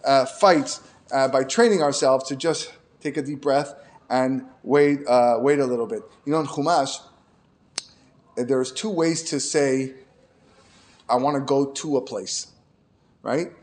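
A man's voice: medium pitch, unhurried, long pauses. A man teaching a Torah lesson in a storytelling way, with Hebrew terms mixed in and growing emphatic as he makes his points. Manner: storytelling, grows emphatic and louder when making points; frequent restarts and fillers, sprinkled with Hebrew terms. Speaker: rabbi.

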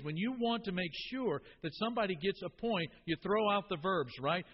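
A man's voice: high voice, slight background noise. A man preaching a sermon as a pastor, talking to the congregation in an emphatic, conversational way. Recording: dull reverberant hall recording.

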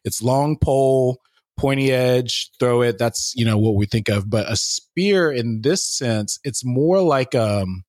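A man's voice: mid-range voice, slow, a little mellow, dry recording. A man co-hosting a podcast, retelling a Bible story in casual, slangy, jokey chat. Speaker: podcast co-host.

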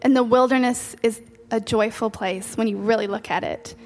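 A woman preacher with a somewhat high voice delivers an earnest sermon. She drives her points home by repeating key phrases. Her voice rings out with a long hall reverb over soft background music. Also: normal speed.

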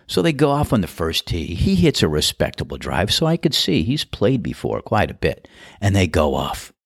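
A middle-aged man hosts a podcast and tells stories in a relaxed, chatty, amused way. His voice is very low. It is recorded on a close mic in a dry, dead space. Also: moderate pace, gravelly, breathy edge, dry recording. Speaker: podcast host and golf course starter. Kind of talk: storytelling monologue.

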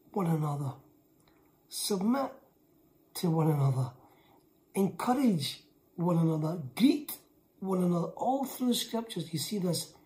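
Low-voiced woman preaching an emphatic sermon. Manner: emphatic, repeats lines for weight, often drops to a hushed whisper.

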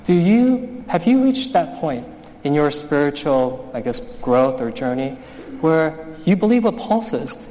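A man's voice: on the high side, big pitch swings, a little slow, dark tone. A male pastor preaching a sermon in a conversational, storytelling manner. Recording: long hall reverb.

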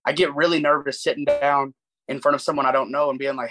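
A man's voice: medium pitch, steady tone, fast talker, poor audio. Young male podcast co-host, rambling, self-deprecating storyteller, casual. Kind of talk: casual chat.

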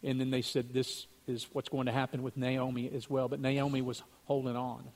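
A man's voice: mid-range voice, completely flat delivery, normal speed, darkish tone. A man earnestly telling a religious testimony story, acting out what other people said.

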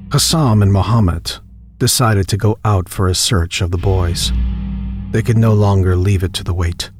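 A man narrating a horror story in a measured, grave storytelling manner. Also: deep voice.

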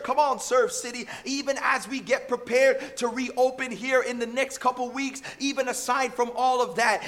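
A man's voice: extremely high pitch, pushed and bright. A male pastor preaching a fervent sermon, calling out to the congregation and breaking into snatches of hymns. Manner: fervent, repeatedly calls out to the congregation.

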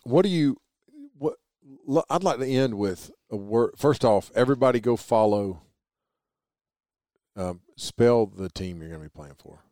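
A man's voice: mid-range voice, expressive, measured pace, mellow, dry recording, studio quality. A man hosting a podcast, rambling and joking in casual chat. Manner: rambling, enthusiastic, jokey. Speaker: podcast host.

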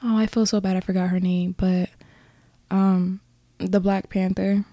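A woman's voice: medium pitch, level tone, unhurried, mellow, dry recording, studio quality. A woman hosting a podcast in a casual, encouraging motivational talk, earnest and prone to rambling asides. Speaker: podcast host.

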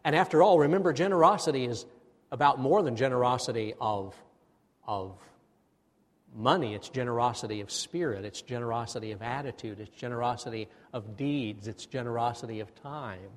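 A man preaching a sermon to his congregation. He speaks with animated energy and leads the people in repeating phrases back to him. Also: medium pitch, brisk. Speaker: pastor. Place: church sanctuary. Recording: long hall reverb.

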